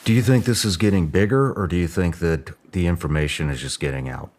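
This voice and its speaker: A man with an extremely deep voice hosts a podcast interview. He reads out facts plainly and asks direct, probing questions. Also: fairly quick, a little mellow, slight background noise. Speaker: podcast host.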